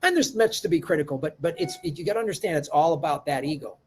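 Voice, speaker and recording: A man commenting in a clip played on a podcast, quick and critical. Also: on the high side, expressive, a little mellow, breathy edge. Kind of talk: casual commentary.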